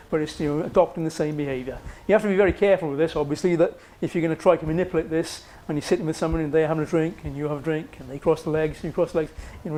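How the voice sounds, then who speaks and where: A man from Wales gives a university psychology lecture in a lecture room, speaking conversationally and often checking in with "okay" and fillers. His voice is fairly high in pitch with a darkish tone.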